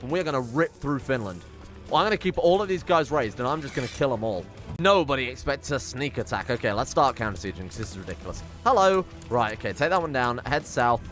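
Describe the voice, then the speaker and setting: A young man commenting on his strategy game, excitable and sweary, muttering to himself as he plays. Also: mid-range voice. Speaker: gaming channel host. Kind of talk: let's play commentary.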